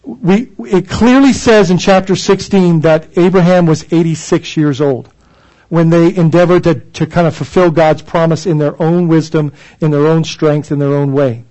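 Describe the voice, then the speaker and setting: A man's voice: on the high side, fairly even intonation, moderate pace, warm tone, rough recording. A man preaching a sermon, reading scripture aloud and explaining it in an earnest, emphatic way, often restarting his phrases. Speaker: pastor.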